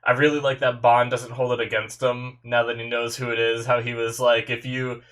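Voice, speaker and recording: A young man with a congested, stuffy nose talks casually at a medium pitch. He rambles through his reactions, restarting sentences and filling gaps with "like" and "you know". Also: little pitch movement, moderate pace, fairly bright tone. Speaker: anime reaction host.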